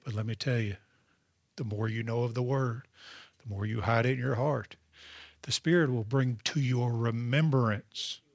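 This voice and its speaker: Man, pastor preaching a sermon, husky tone, dry close sound. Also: medium pitch, fairly even intonation, moderate pace, no echo. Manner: preaching with call-and-response asides.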